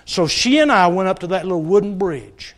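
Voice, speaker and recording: A middle-aged male preacher with a notably high voice delivers a sermon in church. He talks in an earnest, pleading way, telling stories and urging his listeners directly. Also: expressive, a little fast. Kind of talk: sermon with altar call. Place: church service.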